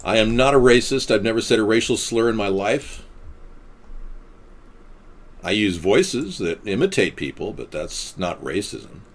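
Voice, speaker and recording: A man's voice: on the low side, big pitch swings, unhurried, long pauses. Rambling, sarcastic male talk host. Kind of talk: casual political chat.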